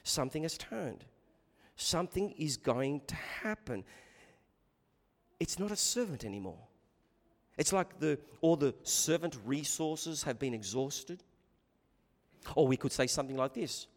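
A man preaching an expository sermon, swinging between loud emphatic bursts and quiet hushed asides. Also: on the high side, animated, unhurried, pauses often. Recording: long hall reverb.

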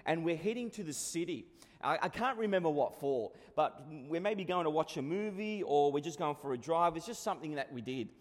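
A man's voice: on the high side, animated, a little fast. A man in his forties with an Australian accent, preaching a sermon in a conversational, storytelling way. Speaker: pastor. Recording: long reverb of a hall.

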